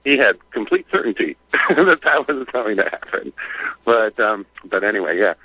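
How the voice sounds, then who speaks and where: A man's voice: on the low side, big pitch swings, moderate pace, sharp tone, slightly rough, no echo. A man calling in to a radio show, talking in a rambling, hesitant way with many fillers. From Philadelphia. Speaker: regular caller. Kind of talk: phone-in conversation. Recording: dull phone line on radio.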